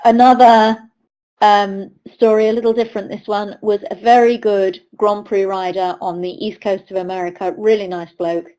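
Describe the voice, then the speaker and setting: A woman's voice: mid-range voice, little pitch movement, normal speed, warm tone, poor audio. A middle-aged woman from the UK, a riding coach giving a webinar lecture, telling anecdotes and acting out the voices of people she quotes. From United Kingdom. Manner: storytelling, acts out quoted voices.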